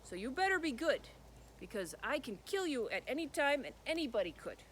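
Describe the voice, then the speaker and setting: A man's voice: very high-pitched, big pitch swings, fairly quick, a bit bright, a little hiss or hum, voice pushed up, full character voice. A man voicing a kind, determined young princess in a folk tale. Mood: stern.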